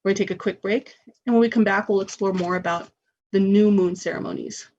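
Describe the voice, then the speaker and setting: A woman's voice: mid-range voice, fairly even intonation, fast talker, darkish tone, lo-fi sound. A woman hosting a spiritual self-help radio show, talking in an earnest, encouraging way.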